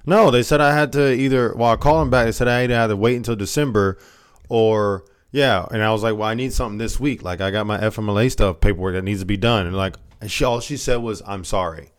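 A man's voice: on the low side, fast talker, smooth. A man, co-hosting a casual podcast chat, drawling and yawning as he talks until he runs out of breath. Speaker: podcast co-host.

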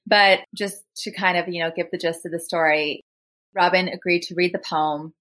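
A woman co-hosting a podcast, telling a story in an animated, chatty way, full of "like" and "literally". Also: lowish voice, moderate pace. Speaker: podcast co-host. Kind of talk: casual storytelling chat.

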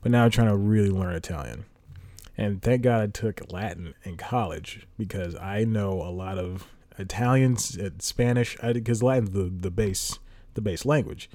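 A man's voice: lowish voice, moderate pace, darkish tone, no room sound. A young man hosting a solo podcast, chatting casually and rambling, correcting himself and chuckling as he goes. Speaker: podcast host.

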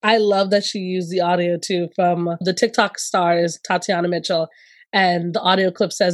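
A woman co-hosting a casual chat, animated and gushing, often breaking into laughter. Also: mid-range voice, moderate pace, no echo, clean studio sound.

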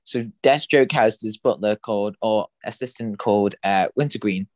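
Low, dry-voiced young man chatting hesitantly. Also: normal speed, dry recording. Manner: hesitant, many fillers and restarts. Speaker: podcast co-host. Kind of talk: casual chat.

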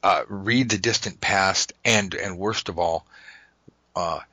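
Rambling, bright-voiced man, low-pitched. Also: slow pace, dry recording, rough recording. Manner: rambling, self-interrupting, jokey. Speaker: podcast host. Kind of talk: casual conversational podcast.

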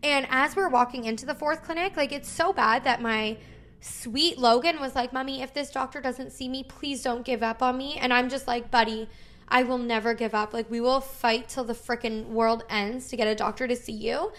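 30s woman podcasting, animated storytelling, cusses, acts out quotes, kinda high voice. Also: moderate pace. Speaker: podcast co-host. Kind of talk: casual chat.

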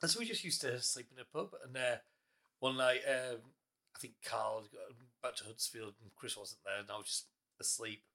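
A man's voice: mid-range voice, brisk, bright, forceful tone. A man hosting a casual podcast, joking, laughing and swearing as he tells stories. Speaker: podcast host.

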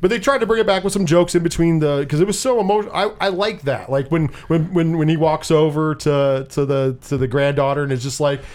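Rambling, animated man reviewing a movie. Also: fairly high pitch, fairly quick, few pauses. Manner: rambling, animated, swears freely. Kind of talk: casual movie review chat.

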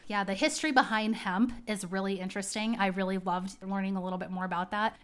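Woman host, casual rambling chat, heartfelt and talkative, mid-pitched. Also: fairly bright tone, smooth. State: tearing up. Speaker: podcast host. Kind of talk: casual personal talk.

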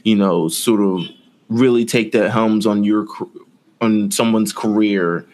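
A man's voice: fairly low pitch, a little slow. A man co-hosting a wrestling podcast, giving emphatic opinions in casual chat and repeating himself for effect. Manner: emphatic, repetitive, animated opinions. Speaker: podcast co-host.

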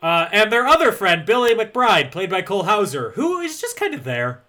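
Podcast co-host, male, higher-pitched, bright tone, dry humor, casual recap. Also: big pitch swings, moderate pace. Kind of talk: casual movie recap chat.

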